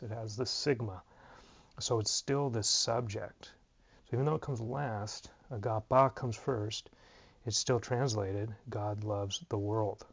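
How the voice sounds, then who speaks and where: A tired man gives an unscripted, casual Greek grammar lesson, thinking aloud with plenty of ums and uhs. His voice is on the low side and a little mellow, and the recording is dry, dull, and lo-fi.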